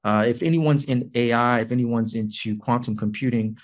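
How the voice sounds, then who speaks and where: A man's voice: mid-range voice, moderate pace. A man co-hosting a tech podcast, talking casually and musing aloud with frequent fillers and restarts. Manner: musing, hesitant with many fillers. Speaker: podcast co-host.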